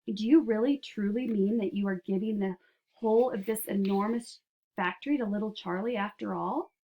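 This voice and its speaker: A woman's voice: medium pitch, moderate pace, mellow, natural voice. A woman reading aloud and voicing a fond, anxious elderly grandfather who stammers and frets. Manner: stammering and fretful.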